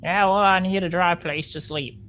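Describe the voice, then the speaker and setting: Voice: mid-range voice, fairly even intonation, normal speed, a bit bright, a little hiss or hum. A player in a tabletop game, talking playfully and cheekily about their character's moves.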